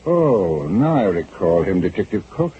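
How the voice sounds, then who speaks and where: An actor playing a stern, shrewd police inspector in a 1940s-style radio drama, probing and dryly sarcastic. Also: male voice, sits low, big pitch swings, measured pace. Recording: lo-fi old radio recording with faint hiss.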